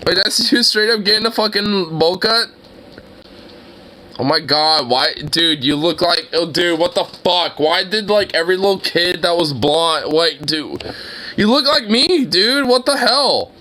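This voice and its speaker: A young man reacting to videos, excitable and exclamatory, laughing and swearing often. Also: high-pitched, a little slow.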